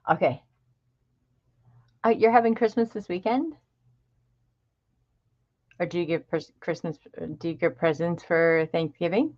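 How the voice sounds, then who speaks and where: A woman's voice: on the low side, measured pace, pauses often, lo-fi sound. A middle-aged woman hosting a craft livestream, chatting casually and greeting viewers by name. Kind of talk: casual live-stream chat.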